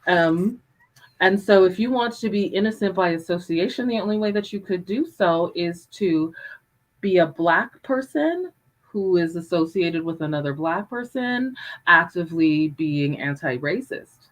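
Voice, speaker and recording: A woman's voice: fairly low pitch, lively intonation, measured pace, low-quality recording. Emphatic woman panelist repeating for stress. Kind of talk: panel discussion.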